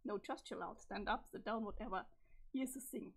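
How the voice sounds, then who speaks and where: A woman reading the part of a calm, cryptic teenage boy from the future in a webcomic, in a flat, measured delivery with a strained voice. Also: medium pitch, slightly rough. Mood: deadpan. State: strained, failing voice. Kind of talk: reading a webcomic's chat logs aloud.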